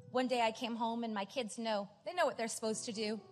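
Middle-aged woman pastor, high voice, conversational storytelling sermon in a reverberant hall. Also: fairly even intonation, brisk, hardly any pauses. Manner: storytelling, chatty asides, rising to emphatic. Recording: large hall with reverb, faint music.

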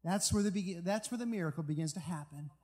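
A man preaching a sermon as pastor, telling stories in an animated, emphatic way. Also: high voice, quick pace. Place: large church hall. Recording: long hall reverb with music. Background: guitar music.

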